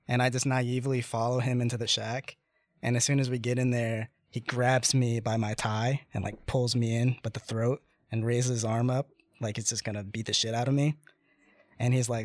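A young man in his twenties hosting a casual chat, telling a story with lots of fillers and animated pacing. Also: mid-range voice, normal speed, no room sound, clean studio sound.

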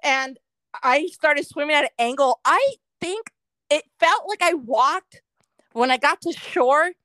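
A woman's voice: sits high, animated, a little slow, pushed and bright, dry recording. A woman co-hosting a podcast, telling rambling childhood stories in a wry, profane, casual way. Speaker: podcast co-host. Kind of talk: casual storytelling chat.

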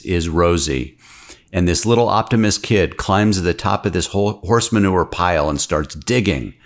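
A man hosts a podcast with a very low voice. He chats casually and tells anecdotes. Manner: chatty anecdote-telling. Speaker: podcast host and physician.

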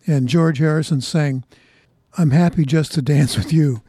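A mellow, slightly higher-pitched older American man talks on the radio between records. He rambles in a folksy, reminiscing way, close to a studio mic in a dry, dead room. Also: unhurried, breathy edge, no room sound. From United States. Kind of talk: casual radio chat between songs. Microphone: studio microphone.

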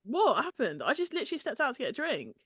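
A woman's voice: sits high, huge pitch swings, fast, fairly bright tone, breathy edge, dry recording, studio quality. A woman co-hosting a podcast in casual, chatty talk with fillers and laughs. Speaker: podcast co-host.

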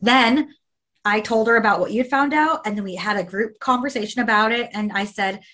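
A woman's voice: fairly high pitch, brisk, pushed and bright. A woman in casual conversation who tells a story emphatically, repeating phrases and swearing.

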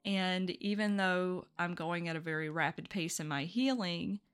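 A woman's voice: on the low side, normal speed, smooth. A woman hosting a solo spiritual podcast, talking candidly and reflectively, with little laughs between thoughts. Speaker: podcast host.

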